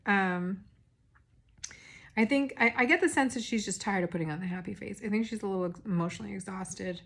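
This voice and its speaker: A woman's voice: mid-range voice, a little fast, fairly bright tone. A young woman recapping a reality dating show in a rambling, casual monologue full of fillers and restarts. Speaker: recap podcast host.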